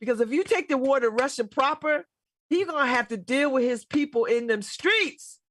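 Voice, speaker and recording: A woman's voice: sits high, expressive, normal speed, fairly bright tone, a little hiss or hum. A middle-aged woman hosting a casual political talk show, blunt and emphatic, laughing often. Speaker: radio host.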